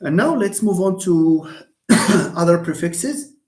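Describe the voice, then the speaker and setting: A man's voice: high-pitched, expressive, slow, a little mellow. A man teaching English word stress in a live online lesson, explaining patiently and repeating example words. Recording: echoey room.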